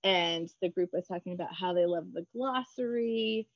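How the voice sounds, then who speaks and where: A woman author chatting in an interview, bubbly and quick, acting out her own remarks in lively voices. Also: fairly low pitch, dry recording, lo-fi sound. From United States. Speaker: author guest. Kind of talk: casual interview chat.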